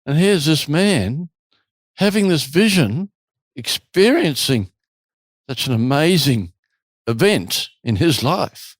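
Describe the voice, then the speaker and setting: Animated male storyteller, dry sound. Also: a little high, takes it slowly, no room sound. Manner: animated storyteller, acts out quotes. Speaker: retreat host. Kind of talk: storytelling in an interview.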